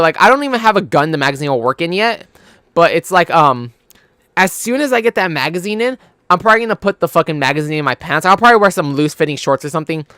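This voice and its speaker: A man's voice: a little high, pushed and bright, smooth, no room sound, clean studio sound. A young man from California, a gaming YouTuber, telling a rambling, profane story in casual chat. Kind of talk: casual storytelling over gameplay.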